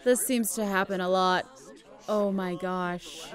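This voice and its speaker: Her mid-range voice is slow with fairly even intonation. A young adult gaming YouTuber, she gives casual commentary on a life-sim game, chatty and playful, often laughing as she narrates her own play.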